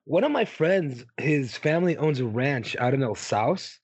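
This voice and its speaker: A man's voice: fairly high pitch, animated, moderate pace, a little mellow, breathy edge, no echo. A man co-hosting a podcast in casual chat, swearing often and telling stories with animation. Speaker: podcast co-host.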